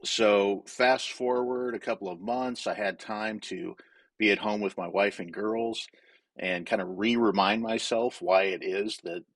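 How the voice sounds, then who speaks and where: A man's voice: lowish voice, a bit bright, no echo. A man from Wyoming, a guest in a casual interview, speaking candidly in a storytelling way with frequent restarts.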